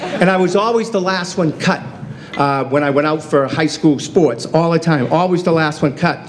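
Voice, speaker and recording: A man's voice: fairly high pitch, normal speed. A man in his fifties giving a humorous acceptance speech, self-deprecating and acting out quoted dialogue. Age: 50s. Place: hotel banquet hall.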